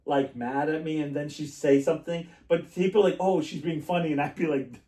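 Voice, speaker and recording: A man's voice: on the high side, steady tone, fairly quick, mellow. Chatty man in an echoey room. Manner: rambling storyteller, laughs often. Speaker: podcast host. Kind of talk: casual chat. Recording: echoey room, mic at a distance.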